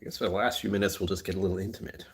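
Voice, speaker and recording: A man's voice: low-pitched, steady tone, rapid-fire. A man hosting a casual livestream from his phone indoors, rambling, joking and laughing often. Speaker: livestream host. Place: indoors on a rainy afternoon.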